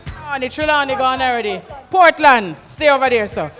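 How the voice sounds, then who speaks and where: An MC with a Jamaican accent hosting a live event, calling out loud directions to a crowd and slipping into patois. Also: high voice, expressive, brisk. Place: large conference hall. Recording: hall reverb with music behind.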